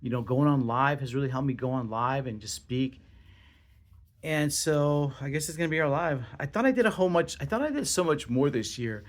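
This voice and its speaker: A young man hosting his own podcast, talking casually in an excitable, rambling way with lots of swearing and restarts. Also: mid-range voice, brisk. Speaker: podcast host. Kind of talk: casual solo podcast monologue.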